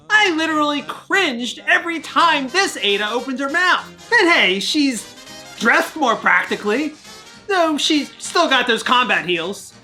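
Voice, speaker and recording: A woman's voice: high voice, sharp tone. A woman hosting a scripted video game review, wry and sarcastic in her jokes.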